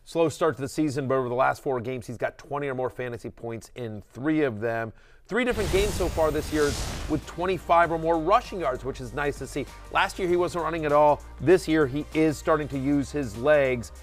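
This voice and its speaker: A man's voice: fairly high pitch, fairly quick, soft background music. A man hosting a casual fantasy football show, talking in loose, rambling runs with many restarts and fillers. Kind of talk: casual sports chat.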